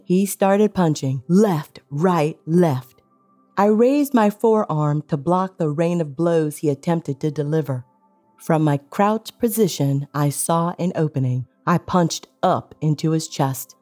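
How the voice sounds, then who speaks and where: A woman reads a first-person action story aloud with tense, dramatic delivery. Her voice sits low and mellow, with faint music playing underneath. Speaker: narrator. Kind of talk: scripted audiobook narration.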